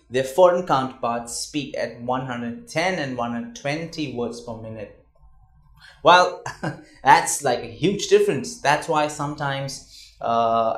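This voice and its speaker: Man lecturing in a roomy classroom. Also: medium pitch. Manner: conversational, repeats words, asks "all right?". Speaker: communication trainer.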